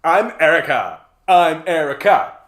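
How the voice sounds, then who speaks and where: A man's voice: on the high side, very animated, a bit bright, roomy sound, pitched above the performer's own voice. A man doing a whiny valley girl. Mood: whiny exasperated. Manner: drawn-out valley girl whine. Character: eye-rolling, unhinged valley girl woman.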